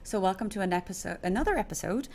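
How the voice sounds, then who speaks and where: A woman's voice: mid-range voice, animated, fast, a little mellow, slight background noise. A woman hosting a radio show from a studio, chatting casually with many asides. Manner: chatty, rambling, full of asides. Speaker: host.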